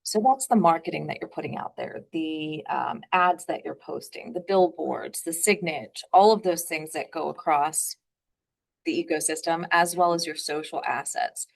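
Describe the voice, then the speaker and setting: Fast-talking woman host, gravelly low voice. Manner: talks fast, upbeat, fills with um and right. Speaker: webinar host. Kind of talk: hosting a webinar interview.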